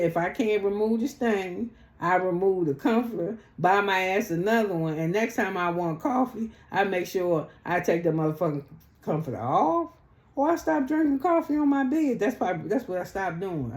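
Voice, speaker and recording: A woman's voice: on the low side, expressive, normal speed, a little mellow. A woman recapping a reality show in blunt, sassy, profane casual chat. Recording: echoey room.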